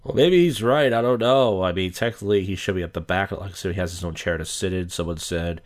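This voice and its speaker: A man with a very low voice hosts a live stream and comments on clips. His delivery is sarcastic and offhand, with dry jokes tossed in casually. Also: quick pace. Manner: sarcastic, offhand, mock-impersonating.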